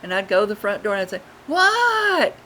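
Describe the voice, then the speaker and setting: A woman, telling childhood stories in a rambling, unhurried way with many fillers, recorded on a webcam at home. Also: mid-range voice, level tone, a bit bright, a little hiss or hum, poor audio. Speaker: vlogger. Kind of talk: casual storytelling.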